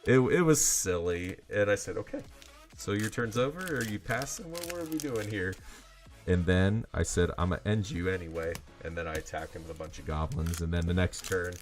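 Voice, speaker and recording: Chatty low-voiced man on a livestream. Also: expressive, brisk, faint music behind. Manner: rambling and chatty, heavy on fillers. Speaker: livestream card seller. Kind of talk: casual livestream chat.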